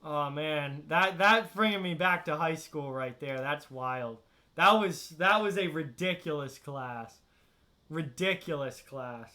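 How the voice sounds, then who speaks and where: Young male streamer, high, bright voice, casual animated storyteller reading chat. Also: slow. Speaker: live stream host.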